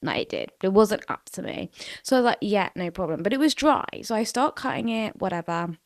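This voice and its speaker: A woman's voice: medium pitch, animated, a little fast, no echo, studio quality. A woman in her twenties hosting a podcast solo, telling a story in a chatty, sweary way full of "like" fillers. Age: 20s. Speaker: podcast host. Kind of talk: casual solo podcast chat.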